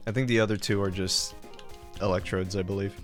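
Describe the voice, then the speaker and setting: Young male streamer, lowish pitch, loose casual rambling, light music bed. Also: level tone, a little fast. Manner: rambling, lots of fillers and laughs. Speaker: game streamer. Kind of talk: casual chat while playing.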